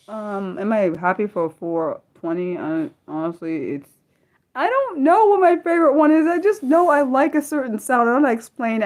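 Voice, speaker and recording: Excitable woman chatting on a livestream. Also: fairly high pitch. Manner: excitable, rambling, jumps between thoughts. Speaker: livestream host. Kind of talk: casual chat with live chat.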